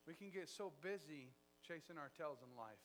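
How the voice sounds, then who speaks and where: A man preaching a sermon, telling a story with acted-out dialogue and big swings in loudness. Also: on the high side, expressive, moderate pace, a little hiss or hum.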